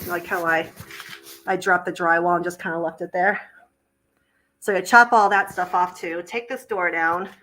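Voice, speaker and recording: A woman's voice: lowish voice, fairly even intonation, moderate pace, bright, forceful tone, poor audio. Blunt, breathless woman chatting on a live stream. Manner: blunt, swears freely, chats to viewers and dogs. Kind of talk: casual live-stream chat. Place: home, indoors.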